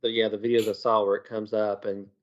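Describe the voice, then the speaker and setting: A man's voice: fairly low pitch, flat delivery, quick pace, lo-fi sound. A man co-hosting a casual podcast chat, joking in a laid-back way.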